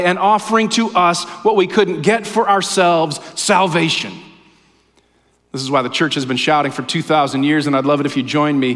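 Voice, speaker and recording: A male pastor preaching and reading scripture aloud, with dramatic swings between loud emphasis and hushed passages. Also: on the high side, steady tone, moderate pace. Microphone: camera-facing preaching mic. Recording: long hall reverb.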